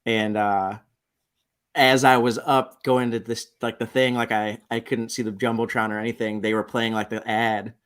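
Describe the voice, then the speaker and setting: On a podcast, a twenty-something sports superfan chats casually as a guest, sprinkling in lots of "like." His low voice is flat in delivery yet fairly bright, clear and resonant, moving at a moderate pace.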